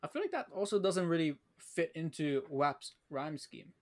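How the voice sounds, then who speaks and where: A man co-hosting a casual quiz podcast with friendly banter. His voice sits fairly high and swings widely up and down. He sounds excitable and quick to protest. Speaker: podcast co-host.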